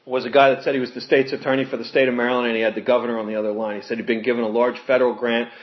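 Man, earnest testimony speaker, recovery story, mid pitch, slightly muffled recording. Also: very fast. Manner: earnest storytelling, animated when quoting others, laughs with audience. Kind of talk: personal testimony talk.

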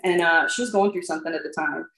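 A woman's voice: fairly low pitch, quick pace, a bit bright. A woman candidly telling her recovery story to a group, chatty and full of fillers, laughing at herself now and then. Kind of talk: personal recovery testimony to a group. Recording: roomy echo.

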